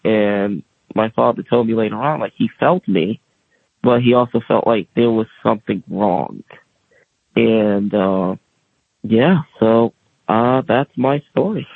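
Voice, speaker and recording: Gravelly-voiced man telling his story. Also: on the low side, slow pace, no echo. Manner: animated, acts out quoted voices. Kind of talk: casual storytelling. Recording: tinny phone-like radio audio.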